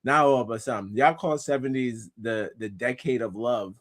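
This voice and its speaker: Animated laughing man in casual chat. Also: mid-range voice, normal speed. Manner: animated, laughs often, mocking voices. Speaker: podcast co-host.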